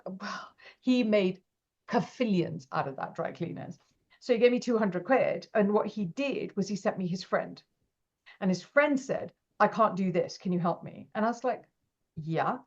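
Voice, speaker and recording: A middle-aged woman, a podcast guest telling stories in a lively, animated way and acting out quoted voices. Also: lowish voice, highs cut off. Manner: animated, acts out quoted voices, laughs often. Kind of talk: casual interview storytelling.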